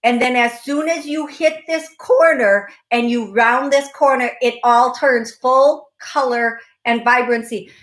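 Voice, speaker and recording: Effusive psychic host, high voice. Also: female voice, measured pace, hardly any pauses. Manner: effusive, emphatic, repeats phrases. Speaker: psychic medium radio show host. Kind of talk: call-in psychic reading.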